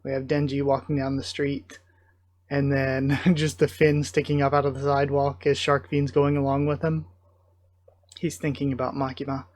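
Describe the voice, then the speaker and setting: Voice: mid-range voice, little pitch movement, moderate pace, a little mellow, dry recording. A YouTuber reading a manga aloud and chatting about it, wondering aloud with frequent ums. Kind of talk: casual comic readthrough with commentary.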